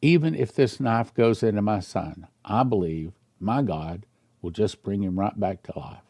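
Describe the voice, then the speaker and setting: A devoted old father speaking with quiet, steady faith, as a preacher acts him out. Soft, close and dry. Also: lowish voice, unhurried, no echo, voice pushed down.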